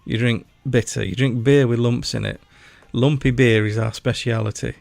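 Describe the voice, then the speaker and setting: Man, Yorkshire accent, gaming livestream host, gravelly, mid-pitched, jokey rambling chat, dry close sound. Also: fairly even intonation, moderate pace, a little mellow, no room sound, soft background music. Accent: Yorkshire English. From Yorkshire, England.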